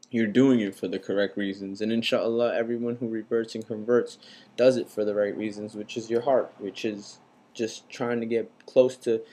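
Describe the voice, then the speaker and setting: A vlogger from the United States, in his twenties, has a mid-range voice as he loosely recounts something personal to his audience, full of fillers and easygoing digressions.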